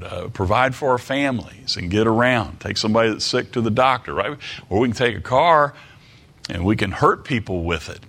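A middle-aged man preaching a sermon, slow and deliberate, repeating words for emphasis and asking the congregation rhetorical questions. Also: lowish voice, fairly bright tone.

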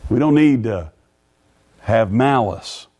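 A middle-aged man preaching a sermon in a folksy way, stumbling over repeated words and rising in pitch when reading scripture. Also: lively intonation, takes it slowly, mellow, slightly rough. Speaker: pastor.

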